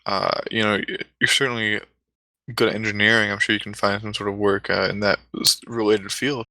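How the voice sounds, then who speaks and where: Brief: man doing a fumbling, eager-to-please parent; bright, slightly low voice. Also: level tone, a little fast, no echo. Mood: flustered. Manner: flustered, stammering. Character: flustered, eager-to-please middle-aged parents.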